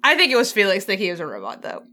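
A woman's voice: mid-range voice, huge pitch swings, rapid-fire, bright, forceful tone. A woman co-hosting a casual podcast chat, playful and self-mocking, laughing often. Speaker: podcast co-host.

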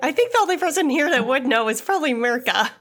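A woman's voice: high voice, expressive, fast, a bit bright, faint music behind. A woman voicing a blunt young adventurer who resents royals, in a tabletop role-play. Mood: teasing. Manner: blunt, curt. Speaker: player.

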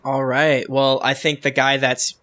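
A man with a bright, forward voice runs a tabletop role-playing session as dungeon master. He narrates combat in a loose, joking way, often restarting his sentences mid-thought. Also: medium pitch, level tone, unhurried.

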